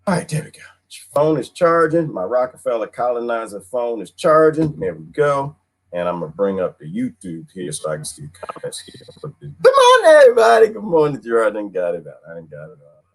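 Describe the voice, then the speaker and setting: A man ranting casually on a livestream, rambling in folksy slang, repeating himself and reading chat comments aloud. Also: brisk. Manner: rambling and animated, swooping pitch, frequent laughs.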